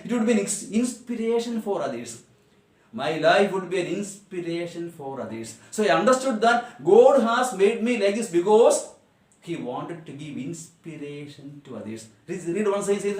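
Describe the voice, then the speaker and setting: Emphatic Indian English teacher in echoey room. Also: male voice, sits high, expressive, moderate pace, far from the mic. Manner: emphatic, repeats and rephrases lines, rhetorical questions to students. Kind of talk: classroom lesson explaining a text. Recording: echoey room, voice away from mic.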